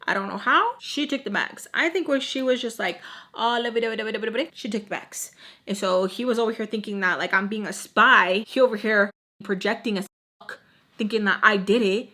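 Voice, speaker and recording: A woman's voice: mid-range voice, normal speed. A woman casually telling a long personal story, acting out the quotes and dropping Spanish words, with frequent swearing and repeated phrases. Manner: animated, acts out quotes, drops Spanish words. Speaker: storytime vlogger.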